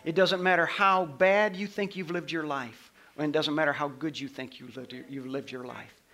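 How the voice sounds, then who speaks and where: A middle-aged man, a pastor, preaching a sermon and telling a story, swinging from loud passages to hushed ones. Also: on the high side, fairly even intonation, normal speed.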